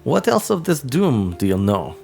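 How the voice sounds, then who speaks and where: A man voicing a male adventurer from another culture who speaks in a stilted, halting way in a tabletop game. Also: mid-range voice, sing-song, creaky, darkish tone, soft background music. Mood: formal.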